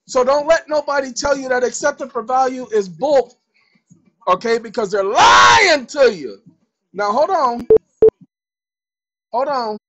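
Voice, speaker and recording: A fairly high-voiced woman lectures her viewers in a casual, emphatic way. She reads legal definitions aloud and repeats key phrases for stress. Now and then she raises her voice to a near shout. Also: expressive, unhurried, pauses often. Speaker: online commentator.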